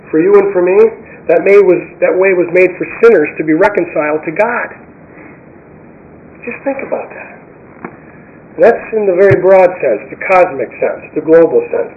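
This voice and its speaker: A man preaching a sermon, emphatic, repeating key phrases and slowing down to read scripture. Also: on the high side, lo-fi sound, a little hiss or hum. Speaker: pastor.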